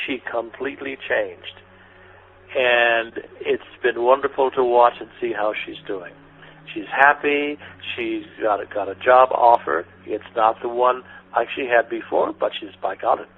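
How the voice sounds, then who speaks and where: A man working as a spiritual teacher, giving gentle guidance and answering listeners' questions in a soothing, repetitive way, calling them honey and sweetie. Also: medium pitch, measured pace. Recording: phone-like lo-fi radio recording with faint noise.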